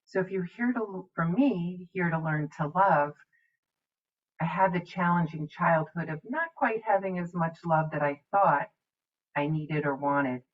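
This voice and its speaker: A woman's voice: fairly low pitch, measured pace. A middle-aged woman minister and medium telling a reflective spiritual story. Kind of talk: spiritual talk. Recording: dull distant mic.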